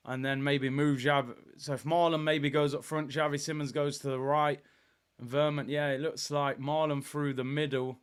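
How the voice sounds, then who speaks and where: Young guy doing a live match watchalong, a bit high voiced, chatty, yells when it gets close. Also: smooth. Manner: excitable, shouts during attacks, chats with viewers. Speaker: football watchalong host. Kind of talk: casual live match commentary and chat.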